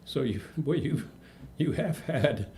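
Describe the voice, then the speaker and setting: A man's voice: on the high side, animated, slow pace, mellow, slight background noise. A man interviewing a guest, asking hesitant, stammering questions.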